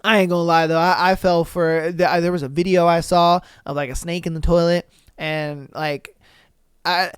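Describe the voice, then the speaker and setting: Man, podcast host, casual rant, slangy and profane, resonant clear voice, dry close sound. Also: fairly high pitch, level tone, normal speed, dry recording. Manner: slangy, profane, exclamatory, laughs often. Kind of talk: casual solo podcast commentary.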